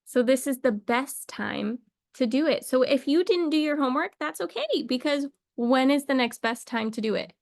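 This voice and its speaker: A woman talking in a playful, rambling way, thinking out loud as she runs a casual mock lesson. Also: high voice, expressive, moderate pace, vocal fry, dry recording, clean studio sound. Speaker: video creator.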